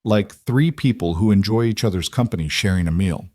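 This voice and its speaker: A man's voice: on the low side, fairly quick, darkish tone, no room sound, clean studio sound, close to an everyday voice. A man voicing a self-assured woman executive in audiobook dialogue, firm and direct. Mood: earnest.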